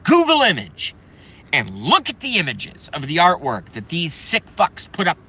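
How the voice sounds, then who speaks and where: A man hosting a live stream, ranting in a profane, heated way that swings between loud outbursts and muttering. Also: fairly high pitch, wildly swooping pitch, moderate pace, slightly rough. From Boston, Massachusetts.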